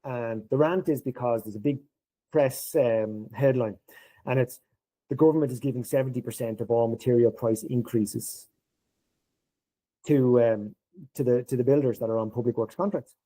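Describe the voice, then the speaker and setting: His voice is medium in pitch and his pace moderate, though the recording is low-quality. A middle-aged man from Ireland, he's a guest on a podcast, animatedly recounting a story and voicing the lines of its characters.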